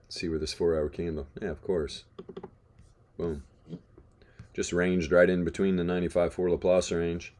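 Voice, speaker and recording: A man's voice: low voice, flat delivery, normal speed, long pauses, darkish tone. A man hosting a live trading stream, chatting casually about charts, swearing and laughing as he tells stories. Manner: laid-back, swears, laughs while telling stories.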